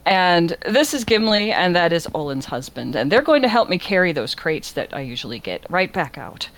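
A woman voicing an ancient dwarf grandmother who speaks slowly and matter-of-factly, losing count of her many grandchildren. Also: lowish voice, sing-song, rough recording. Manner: slow, matter-of-fact, loses count.

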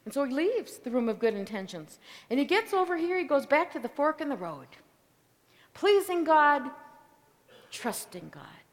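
A woman preaching a sermon as a story, swinging between loud declarations and hushed whispers. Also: high voice, sing-song, a little fast. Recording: long reverb of a large hall.

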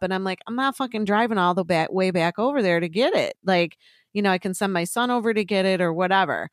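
A woman's voice: medium pitch, brisk, no echo, studio quality. A woman co-hosting a podcast in casual chat, swearing freely, laughing often and telling stories with energy. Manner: profane, laughs often, animated storytelling. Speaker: podcast co-host.

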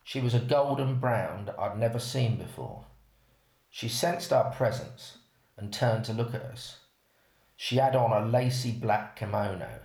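A man, reading a first-person story aloud in an unhurried way. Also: medium pitch, lively intonation, gravelly, a little mellow. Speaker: narrator. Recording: roomy echo.

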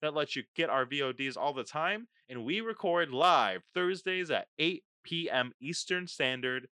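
A man co-hosting a casual podcast with a friend, playful and jokey, rattling off plugs quickly. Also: on the high side, animated, bright, forceful tone, smooth, dry recording, studio quality. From Puerto Rico. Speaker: podcast co-host.

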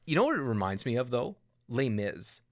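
A young adult man co-hosting a podcast, chatting casually in an animated, rambling and sarcastic way. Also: mid-range voice, normal speed. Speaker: podcast co-host. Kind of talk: casual chat.

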